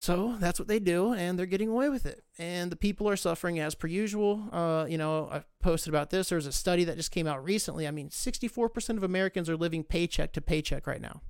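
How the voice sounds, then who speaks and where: Male podcast host, worked-up profane rant, sarcastic; clear, high-set voice, dry sound. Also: fast talker, hardly any pauses, no room sound. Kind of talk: casual rant.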